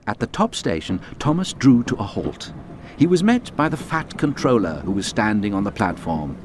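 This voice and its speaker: Lively male storybook narrator. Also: lowish voice, normal speed, slight background noise. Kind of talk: children's audiobook narration.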